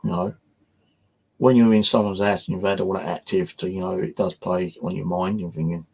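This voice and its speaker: This paranormal channel host from England narrates his personal ghost story in a loose, meandering way, full of "you know" and swearing. His voice is low, gravelly, husky, and a little mellow, with fairly even intonation and a fairly quick pace.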